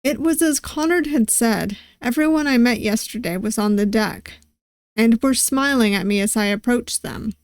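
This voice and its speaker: A woman's voice: a little high, moderate pace, no echo, studio quality. A woman streamer reading a visual novel aloud, giggling and poking fun at her own attempts at voices. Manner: giggly, self-deprecating. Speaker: VTuber game streamer.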